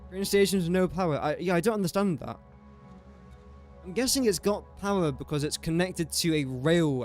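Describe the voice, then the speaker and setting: A young English man casually thinking aloud while streaming a building game and chatting to viewers. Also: a little high. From England. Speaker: gaming streamer. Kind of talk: casual live-stream commentary.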